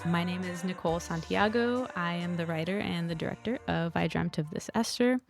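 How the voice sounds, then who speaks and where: A woman director hosting a casual podcast conversation, relaxed and halting, with many ums. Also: lowish voice, creaky, soft background music. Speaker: podcast host and film director.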